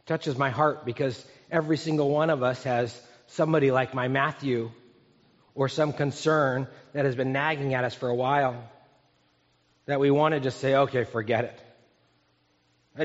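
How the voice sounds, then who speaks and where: A man in his fifties, a pastor preaching an earnest, conversational sermon that often asks the congregation questions. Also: medium pitch. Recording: echoey hall, dull sound.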